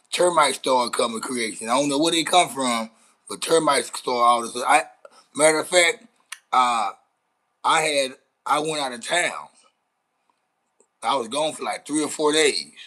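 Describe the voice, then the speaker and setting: A man's voice: mid-range voice, bright, forceful tone, low-quality recording. A man hosting a casual live stream, rambling and swearing as he chats with viewers. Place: Dallas, Texas.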